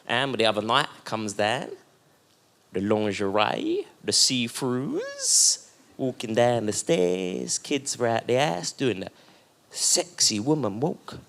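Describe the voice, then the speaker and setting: A man's voice: mid-range voice, huge pitch swings, slow pace, gravelly, fairly bright tone, slight background noise, exaggerated voice. A man doing a cocky brash lad, bragging. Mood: cheeky. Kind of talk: stand-up comedy.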